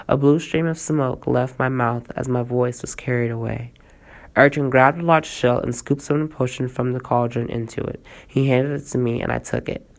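Storyteller, first-person story reading, gravelly voice, mid pitch, casual asides.

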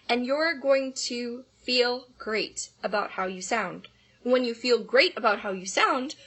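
Woman, voice teacher, podcast lesson, enthusiastic, breathy, fairly high. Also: a bit bright. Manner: upbeat, enthusiastic.

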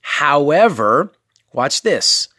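A man's voice: a little high, sing-song, extremely slow, pushed and bright, breathy edge, no room sound, clean studio sound. A man in his thirties hosting a podcast from his bedroom, talking candidly and directly to his listeners with frequent asides. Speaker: podcast host. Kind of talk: casual motivational monologue.

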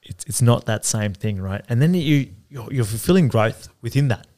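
A man's voice: medium pitch, animated, normal speed, warm tone. A man in his thirties co-hosting a podcast in casual chat, rambling with fillers and casual swearing. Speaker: podcast co-host.

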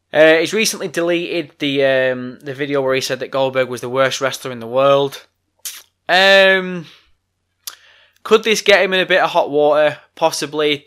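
A man's voice: mid-range voice, fairly bright tone. A man hosting a solo wrestling podcast, ranting bluntly and swearing a lot. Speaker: podcast host.

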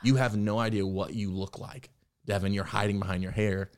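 Candid man, lowish voice, retelling his story. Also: a little fast. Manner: candid, reflective, animated when quoting himself. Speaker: actor and podcast guest. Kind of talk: conversational interview storytelling.

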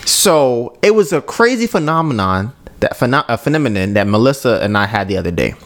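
Animated man telling a story. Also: medium pitch, fairly quick. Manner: animated storytelling, laughs often, keeps asking "right?". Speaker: podcast host. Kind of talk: casual podcast chat.

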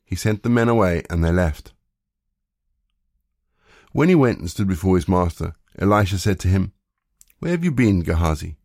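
A man with a fairly low voice reads a scripture story aloud at a steady, even pace. The recording is dry and close, with no echo. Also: moderate pace, long pauses. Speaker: scripture reader. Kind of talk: scripted narration of a Bible story.

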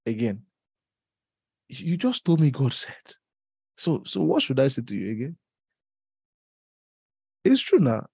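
Animated pastor with a gravelly voice. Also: male voice, measured pace, long pauses, no room sound, studio quality. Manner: animated, teasing, laughs often, leaps in pitch. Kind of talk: sermon.

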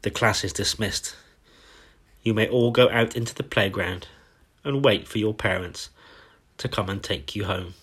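A man voicing a gentle but firm young woman teacher. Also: on the low side, a little slow, pauses often, breathy edge.

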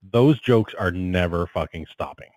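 A man's voice: low voice, lively intonation, a little slow, a little mellow, dry recording, rough recording. A young man co-hosting a comedy podcast, talking bluntly and profanely in casual chat. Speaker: podcast co-host.

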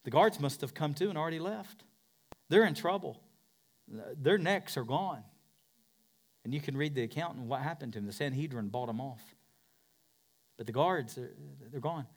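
A male pastor preaching a sermon with passion, dropping to hushed tones and climbing to loud, shouted declarations. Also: a little high, expressive, normal speed, long pauses.

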